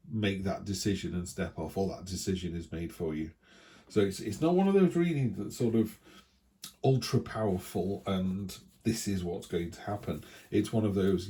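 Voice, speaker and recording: A man's voice: sits low, mellow. A man giving a casual tarot reading, chatty and thinking aloud with many restarts. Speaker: tarot reader.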